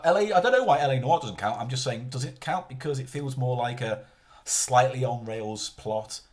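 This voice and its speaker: A man chatting casually on a live stream, rambling and often interrupting himself mid-sentence. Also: medium pitch.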